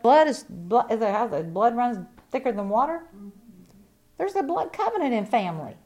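A middle-aged woman with a fairly high voice preaches with fervent conviction. She drops low and soft for reflection, then climbs into loud, emphatic bursts. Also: very animated, normal speed. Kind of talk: sermon.

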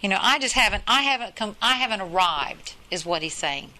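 A woman's voice: mid-range voice, expressive, brisk, sharp tone, poor audio. A woman preaching a sermon in an earnest, emphatic way, often repeating her phrases.

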